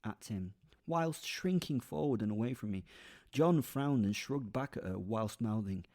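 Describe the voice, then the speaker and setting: A man's voice: fairly low pitch, animated, measured pace, a little mellow. A man narrating a darkly comic serial story, sardonic, with rambling asides and self-corrections. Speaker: narrator and lead character.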